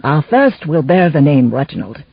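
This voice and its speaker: A woman's voice: deep voice, very animated, normal speed, vocal fry, husky, no echo, full character voice. A woman voicing a hearty, boastful older Scottish laird with a Scottish accent and archaic speech, in a slightly muffled recording.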